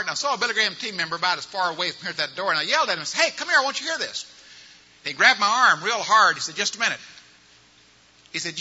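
Older male preacher, high bright voice, folksy storyteller; muffled recording in a big reverberant hall. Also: breathy edge. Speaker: evangelism trainer. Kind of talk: sermon-style training talk with stories. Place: large church or auditorium.

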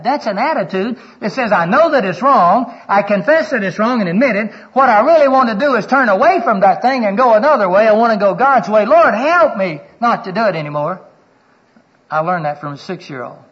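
A man's voice: high voice, lively intonation, fairly quick, a bit bright. A middle-aged man preaching a sermon, telling personal stories earnestly and quoting people aloud. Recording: dull lo-fi recording.

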